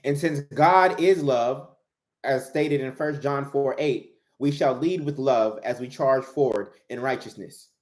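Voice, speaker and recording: This author and motivational speaker delivers a spiritual talk like a preacher, repeating key phrases for emphasis. His voice is a little high and a little mellow, and the recording carries a roomy echo.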